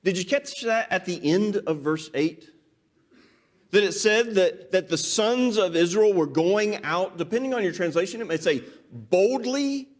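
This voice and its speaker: Male preacher, high and very lively voice, dramatic delivery acting out quotes. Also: a little slow. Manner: expressive, rises and drops pitch for emphasis. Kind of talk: sermon.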